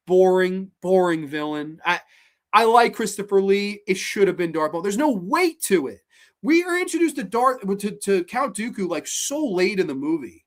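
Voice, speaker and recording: A podcast host reviewing films in an animated, profane rant. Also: mid-range voice.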